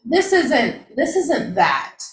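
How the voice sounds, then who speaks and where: A woman's voice: sits high, very animated, slow, roomy sound. A woman co-hosting a casual book review, gushing and laughing a lot as she talks. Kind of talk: casual chat.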